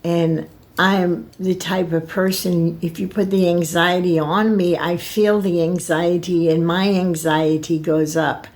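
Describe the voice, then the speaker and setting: Slow, rambling older woman vlogger. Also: on the low side, little pitch movement, a little mellow. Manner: rambling, emotional, slow and halting. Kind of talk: personal storytelling vlog.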